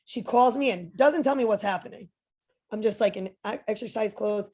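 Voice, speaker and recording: Animated young woman telling a story. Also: mid-range voice, normal speed. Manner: lively, acts out quoted voices, frequent "like" fillers. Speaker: podcast guest.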